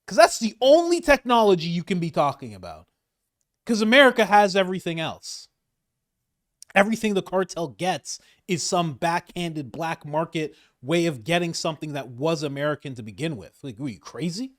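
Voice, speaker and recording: Male commentator, animated and emphatic, slightly high voice, dry recording. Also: normal speed, dry recording. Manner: animated, laughing, emphatic repetition. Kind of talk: casual political commentary.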